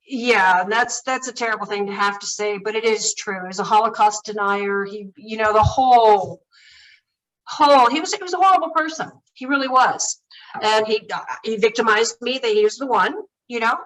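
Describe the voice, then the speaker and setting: A woman running for office answers interview questions earnestly, often pausing and restarting. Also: fairly high pitch, fairly bright tone, distant mic, rough recording. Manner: earnest, halting, with many fillers and restarts. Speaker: political candidate guest.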